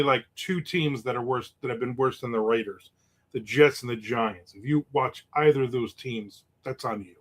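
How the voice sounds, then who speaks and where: A middle-aged man chats loosely on his livestream, drifting from story to story and stopping to read out viewers' comments. His voice sits at an ordinary middle pitch for a man. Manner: rambling, reads viewer comments aloud. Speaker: livestream host. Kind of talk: casual livestream chat.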